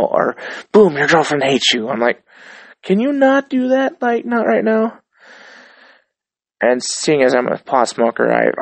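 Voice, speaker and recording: Guy in his 30s just rambling about life, loose and sweary, mid-pitched voice, dry close sound. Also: creaky, no room sound, low-quality recording. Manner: loose, profane, reflective and upbeat. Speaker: host. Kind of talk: casual rambling monologue.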